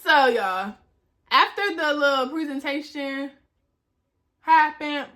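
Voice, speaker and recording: A woman's voice: high voice, slow pace. A young woman vlogger and flight attendant telling a story in a casual, chatty way, repeating phrases for emphasis and acting out other people's lines. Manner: animated, acts out the voices of others.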